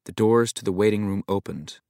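Low-voiced man reading a story. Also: a little fast, gravelly, darkish tone, dry recording, studio quality. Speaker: story narrator. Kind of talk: audiobook narration of a short story.

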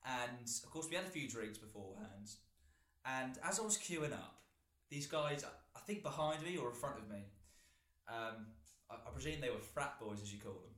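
A young British man co-hosting a casual podcast, rambling through an anecdote and laughing as he goes. His voice sits at an ordinary middle pitch, and the recording has a noticeable roomy echo. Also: animated, normal speed, fairly bright tone. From Britain. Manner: rambling storyteller, laughs often. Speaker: podcast co-host. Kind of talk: casual chat, anecdote telling.

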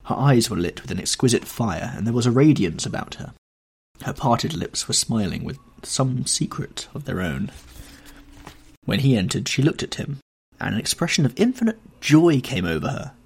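A man narrating a classic novel in an expressive, dramatic storytelling manner. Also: mid-range voice, moderate pace, husky. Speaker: audiobook narrator.

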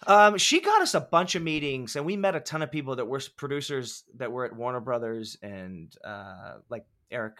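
Lively, bright-voiced man telling stories. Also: mid-range voice, moderate pace, few pauses. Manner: animated, profane, laughing storyteller. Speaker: guest filmmaker. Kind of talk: casual podcast storytelling.

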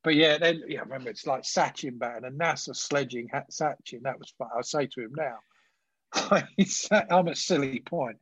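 A man's voice: medium pitch, a bit bright, husky, no echo. A man casually telling laughing anecdotes about his playing days. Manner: laughing anecdotes, quick asides. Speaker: podcast guest, former cricketer. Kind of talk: casual storytelling chat.

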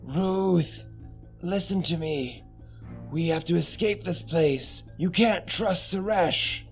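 Man putting on a sneering male ghost, evil, cackling, raised and loud, faint music behind. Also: sits high, slow, pitched above the performer's own voice. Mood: urgent. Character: menacing laughing male ghostly spirit.

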